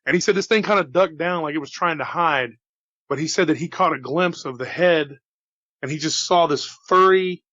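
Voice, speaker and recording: Slightly hoarse man, casual storyteller. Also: a little high, moderate pace, no echo, dull audio. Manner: relaxed, chatty, says "dude" and "you know". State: slightly hoarse after an illness. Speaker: storyteller relaying witness accounts.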